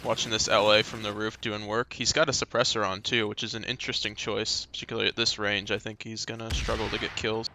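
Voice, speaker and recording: A man casting a live esports match, giving relaxed analysis and schedule notes. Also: lowish voice, fast talker, hardly any pauses, slight background noise. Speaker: esports caster.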